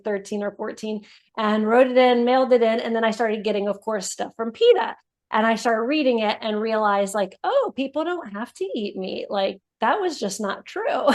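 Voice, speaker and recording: A woman guest on a podcast, telling her story in a casual, animated way, with lots of "like" and "you know". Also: on the high side. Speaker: guest, brand founder.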